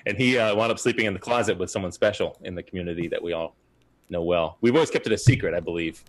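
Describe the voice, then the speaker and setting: A man's voice: low-pitched, quick pace. A man co-hosting a podcast, telling stories in a rambling, chatty way. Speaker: podcast co-host. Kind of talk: casual podcast chat.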